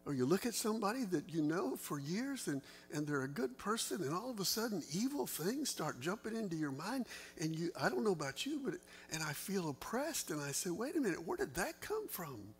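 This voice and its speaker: A man's voice: high-pitched, big pitch swings, a little fast, few pauses, slight background noise. A man, a pastor teaching a Bible study in an earnest, conversational way, his voice leaping up for emphasis. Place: church.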